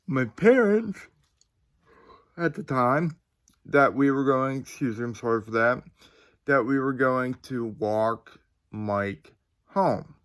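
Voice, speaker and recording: A channel host in his forties from Ohio rambles casually through a ghost story for his viewers, speaking into a phone. He piles on fillers and asides, his voice medium in pitch and fairly bright.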